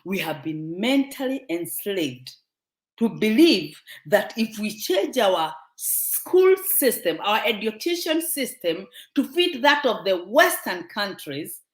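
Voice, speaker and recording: A woman's voice: medium pitch, big pitch swings, slow. A Kenyan woman with a Kenyan accent hosting her show, lecturing viewers in a fervent, scolding way full of rhetorical questions. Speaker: show host. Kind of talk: impassioned monologue to viewers. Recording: echoey room.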